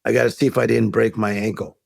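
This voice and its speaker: Man, gravelly, dry close sound, animated storyteller, middle-aged, podcast guest. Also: fairly low pitch, quick pace, no room sound. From United States. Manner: animated storyteller acting out quoted voices. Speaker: guest, life coach.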